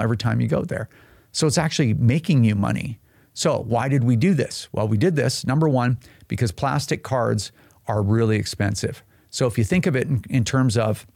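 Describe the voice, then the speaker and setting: A man who leads an advocacy group, explaining a member program in a casual, conversational way and acting out quick little exchanges. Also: medium pitch, gravelly, a little mellow, dry recording, clean studio sound.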